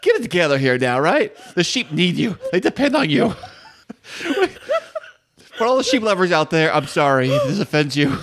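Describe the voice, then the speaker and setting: A man's voice: a little high, big pitch swings, moderate pace, noisy background. A man co-hosting a casual comedy podcast, reading out odd facts and riffing on them in a jokey, rambling way. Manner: jokey, rambling, reads items aloud. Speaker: podcast co-host. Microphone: studio mic.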